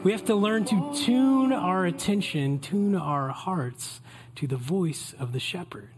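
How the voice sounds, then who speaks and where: A man preaching a Christmas Eve sermon as pastor, in a relaxed, conversational way that invites the congregation in. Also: sits high, unhurried, music in the background.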